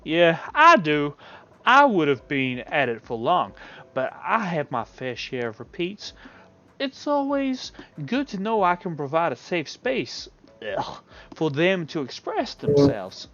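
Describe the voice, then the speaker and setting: A man's voice: a little high, sing-song, measured pace, bright, forceful tone, lo-fi sound, pitched above the performer's own voice, full character voice. A man voicing a chirpy, friendly woman who runs a salon, in a bubbly, upbeat way. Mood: cheerful.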